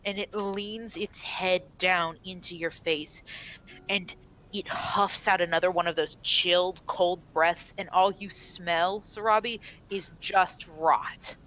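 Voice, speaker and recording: A woman with a fairly low but bright, forceful voice, narrating a tabletop game as game master. She rambles, restarting her sentences often as she describes the scene. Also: steady tone, takes it slowly, low-quality recording.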